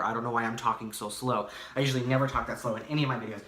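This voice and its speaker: A young man telling a casual storytime vlog from his bedroom, rambling and animated, full of fillers and restarts. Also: mid-range voice, rapid-fire, hardly any pauses. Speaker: vlogger. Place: his bedroom, in front of a green screen. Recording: echoey room, slightly far from mic.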